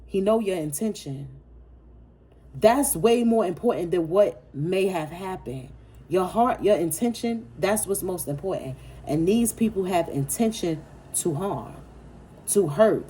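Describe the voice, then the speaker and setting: A woman's voice: mid-range voice, a little mellow, breathy edge. A woman giving a casual spiritual tarot reading, speaking with emphatic, preachy force, blunt and profane, repeating phrases for effect. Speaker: tarot reader.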